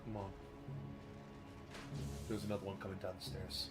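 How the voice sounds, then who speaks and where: A man commentating his own gameplay on a stream, joking and swearing, with sudden loud outbursts. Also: low-pitched, flat delivery, moderate pace. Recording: game music behind the voice.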